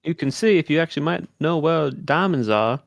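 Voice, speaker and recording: A man's voice: a little high, animated, brisk, vocal fry, dry recording. A man chatting casually with a streamer, rambling with many fillers and giving game tips. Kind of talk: casual chat while gaming.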